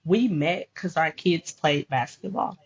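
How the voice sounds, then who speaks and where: A woman in a faith podcast conversation, an animated storyteller who acts out the dialogue she recounts. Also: sits low, measured pace, breathy edge, dull audio.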